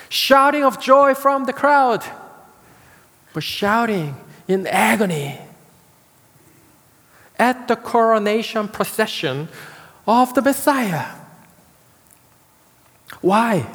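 Expressive preaching man in a reverberant hall. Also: high voice. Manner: dramatic pauses, repeating key words. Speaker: pastor. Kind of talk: sermon.

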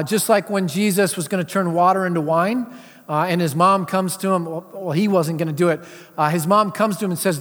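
A man giving a sermon as pastor, in a conversational way with frequent filler sounds. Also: high-pitched. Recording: long reverb of a large hall.

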